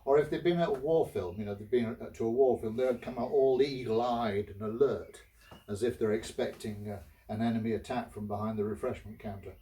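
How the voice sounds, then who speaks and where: Chatty bishop telling stories. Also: male voice, mid-range voice, fairly quick, mellow, distant mic, poor audio. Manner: conversational, restarts, asides to listener. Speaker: bishop giving a short homily. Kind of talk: chatty storytelling homily.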